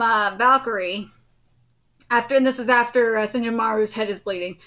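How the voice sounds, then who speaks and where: High bright-voiced woman reacting to anime. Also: moderate pace, muffled recording. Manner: outspoken, swears freely, bursts into excited exclamations. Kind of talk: live reaction commentary.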